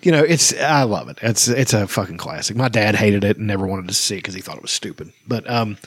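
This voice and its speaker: A man's voice: on the low side, lively intonation, quick pace, husky, no echo. A middle-aged man co-hosting a podcast, chatting casually and enthusiastically with lots of swearing. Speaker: podcast co-host. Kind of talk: casual chat.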